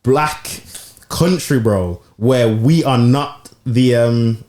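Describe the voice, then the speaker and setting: A man's voice: medium pitch, extremely slow. A young man with a Birmingham accent co-hosting a podcast, arguing his point animatedly in casual slang. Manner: animated, argumentative, slang-heavy. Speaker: podcast co-host. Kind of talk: casual chat. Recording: echoey room.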